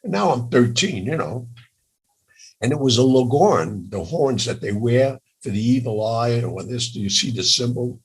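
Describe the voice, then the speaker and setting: An older man with a raspy voice, telling lively jokey stories as an interview guest. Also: mid-range voice, normal speed. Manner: animated, jokey, laughs through stories. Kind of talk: storytelling in a casual interview.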